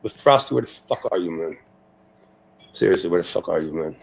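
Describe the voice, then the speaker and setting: A hoarse man rambling and swearing in a casual livestream chat, dropping "man, you know" everywhere. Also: low voice, lively intonation, a little fast, poor audio.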